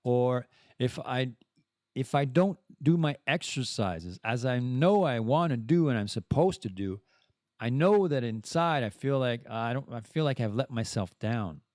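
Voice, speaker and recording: Male podcast host, solo chat, animated pitch, dry close sound, rambles and restarts. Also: a little slow, dry recording. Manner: rambling, self-interrupting, playful asides. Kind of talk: casual solo podcast monologue.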